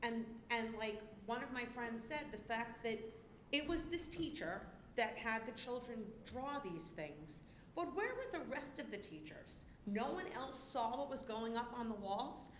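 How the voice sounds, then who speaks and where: A woman's voice: a little high, expressive, unhurried, a bit bright, roomy sound, slight background noise. A woman speaking as a parent at a school board meeting's public comment, upset and indignant, near tears, her voice climbing and cracking. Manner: emotional, indignant, voice rising and cracking.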